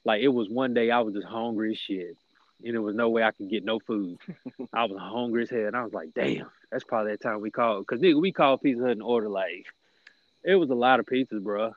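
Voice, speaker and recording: A man's voice: fast, no room sound, narrow, tinny audio. Laughing man telling stories with friends. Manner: laughing storyteller, slips into high squeaky voices for imitations. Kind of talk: casual chat among friends.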